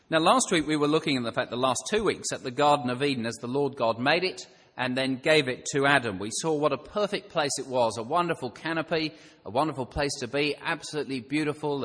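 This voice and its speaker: A man's voice: mid-range voice, a bit bright, slightly rough. Man preaching in a reverberant hall. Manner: conversational, thinking aloud with rhetorical questions. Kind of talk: sermon.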